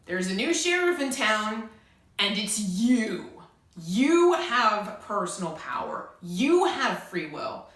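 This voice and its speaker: Speaking slowly in a sing-song, slightly bright voice of medium pitch, this young American woman pleads with her audience. Her spiritual channel monologue is urgent and repetitive for emphasis, recorded in a very echoey room.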